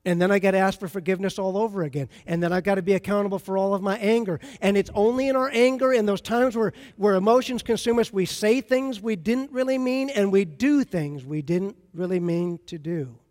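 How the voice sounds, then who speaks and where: A man preaching a sermon in a high voice, chatty and full of stories as he talks to his congregation. His voice rings through a large church sanctuary with a long reverb. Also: fairly quick, few pauses, darkish tone. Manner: conversational, storytelling preacher. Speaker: pastor.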